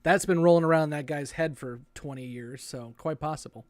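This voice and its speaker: A man's voice: a little high, brisk, darkish tone, no room sound. Male podcast host, casual and musing, reads listener questions, dry close sound. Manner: reads listener questions, thinks aloud with hesitations.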